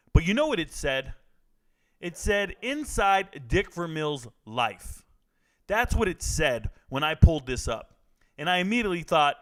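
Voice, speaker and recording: Brash joking man with a clear voice. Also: fairly high pitch, fairly bright tone, rough recording. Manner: brash, joking, talking straight to viewers. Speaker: sports and trends commentator. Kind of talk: casual commentary vlog.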